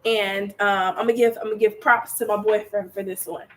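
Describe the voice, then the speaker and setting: A woman's voice: medium pitch, steady tone, fairly quick, hardly any pauses. A young woman hosting a live online workshop, chatty and playful, who laughs often and acts out quoted lines in little voices. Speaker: workshop host.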